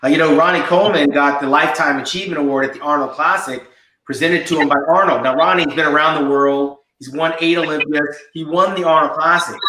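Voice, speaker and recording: A man's voice: a little high, steady tone, quick pace, sharp tone. A man in his fifties, co-hosting a podcast and telling stories with enthusiasm. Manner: enthusiastic storytelling. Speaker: podcast co-host. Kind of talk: casual chat. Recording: echoey room.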